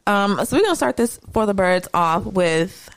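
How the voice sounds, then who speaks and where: A woman's voice: mid-range voice, moderate pace, clean tone, dry recording. A woman co-hosting a podcast, telling stories in casual chat and swearing freely. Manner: animated storytelling, swearing freely. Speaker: podcast co-host.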